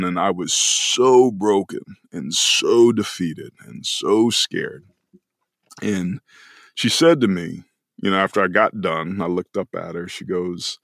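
A man's voice: sits low, gravelly, no room sound, clean studio sound. A man in his forties, a podcast guest telling a personal story in an earnest, emotional way. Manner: earnest and emotional, slowing down on key moments.

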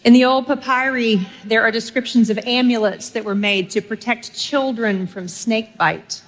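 Woman preacher, middle-aged, higher voice, funny storyteller who talks to the crowd. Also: fairly even intonation, moderate pace. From Texas. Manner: humorous storytelling, speaks directly to the audience. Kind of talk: sermon.

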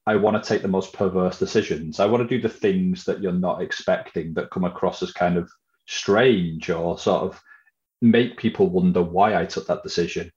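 A man's voice: low voice, steady tone, moderate pace, a little mellow, reverberant, lo-fi sound. A man being interviewed as an author guest, talking in a chatty way with restarts. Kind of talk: casual interview answer.

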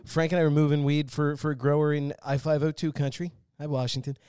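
A man's voice: on the high side, fast, clear, resonant tone, no room sound, studio quality. A man hosting a podcast, steering a casual chat with jokes. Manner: joking, relaxed interviewer. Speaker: podcast host.

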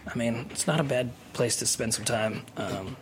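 A man's voice: mid-range voice, normal speed, background noise. A man in his thirties telling stories in a casual studio podcast chat, acting out what others said and laughing often. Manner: animated storyteller acting out quotes, laughing often. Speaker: tequila brand ambassador.

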